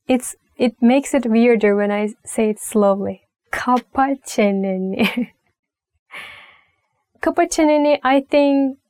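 Slow-paced woman teaching language phrases. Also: on the high side, a little mellow, no echo, studio quality. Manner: slow, careful phrase-by-phrase teaching with light laughs. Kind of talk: online language lesson.

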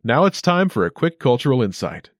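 Lively, upbeat male lesson host. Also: medium pitch, brisk, no room sound, clean studio sound. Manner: clear, upbeat instructional delivery. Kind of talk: scripted lesson narration.

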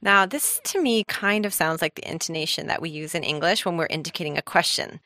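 A woman's voice: low voice, brisk, sharp tone, dry recording, clean studio sound. A woman hosting a language lesson, explaining with an upbeat manner and laughing easily. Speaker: language teacher host. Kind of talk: scripted podcast lesson with co-host.

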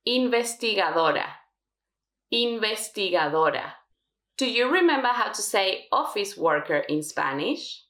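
Slow, careful woman teaching Spanish. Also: mid-range voice, animated, a bit bright, echoey room. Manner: slow, careful modelling of words. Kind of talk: language lesson drill.

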